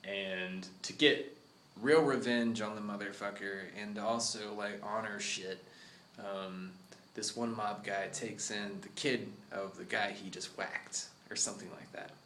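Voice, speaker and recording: A man casually pitching a story idea in a studio, rambling, cursing and laughing often. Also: steady tone, unhurried, a bit bright, echoey room, a little hiss or hum.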